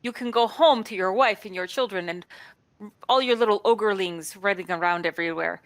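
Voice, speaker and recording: A woman's voice: medium pitch, no room sound, natural voice. A woman voicing a persuasive adventurer in a put-on accent, talking down an ogre. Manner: persuasive, slow and emphatic.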